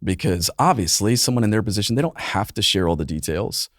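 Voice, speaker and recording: A man in his thirties, a youth pastor guest on a podcast, telling a painful personal story earnestly and with emotion, often softening his voice. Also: animated, fairly quick, no room sound, studio quality. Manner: earnest, emotional storytelling, voice drops low and soft in painful moments. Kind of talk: personal testimony in conversation.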